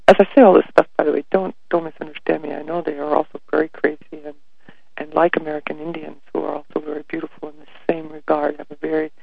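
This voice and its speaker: Soft-spoken gravelly man, phone-thin sound. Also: fairly high pitch, dry recording. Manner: soft-spoken, often drops to a near whisper. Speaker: spiritual workshop leader. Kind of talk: reflective personal storytelling. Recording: dry, phone-like narrow sound.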